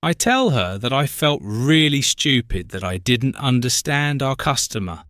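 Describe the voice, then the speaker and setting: Male narrator for learner stories: slow, clear, lively pitch, dry recording. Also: no room sound. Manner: slow, clear, simple sentences. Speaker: story narrator. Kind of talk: graded-reader story narration for learners.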